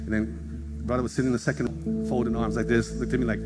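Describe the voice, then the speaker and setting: A man delivers a storytelling sermon, switching into other people's voices to act out the story. Guitar music plays clearly behind him the whole time. His pitch sits in the middle for a man. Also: quick pace. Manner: animated, acts out voices in anecdotes. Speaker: pastor. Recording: background music under the preaching.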